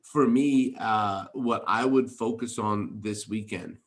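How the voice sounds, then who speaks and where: A man leading a network marketing team, telling stories in an excited, emphatic way on a video call. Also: fairly low pitch, slow pace. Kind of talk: enthusiastic motivational talk on a video call.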